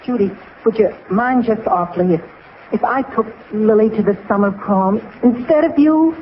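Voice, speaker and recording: A man's voice: high-pitched, normal speed, close to an everyday voice. An actor playing an awkward, lovestruck teenage boy who stammers and gushes, in a 1940s radio comedy on a dull old recording. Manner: stammering, gushing. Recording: dull old radio broadcast with faint hiss.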